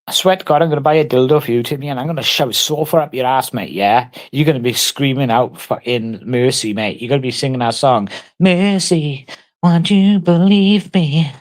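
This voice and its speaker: A man's voice: medium pitch, quick pace, hardly any pauses. A man on a casual livestream, taunting and mock-threatening someone in crude, heavily sworn banter.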